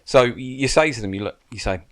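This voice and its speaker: A man's voice: mid-range voice, fast. A man giving casual podcast advice as a guest, frank and blunt, swearing and restarting his sentences often. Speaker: stunt coordinator and military adviser, guest.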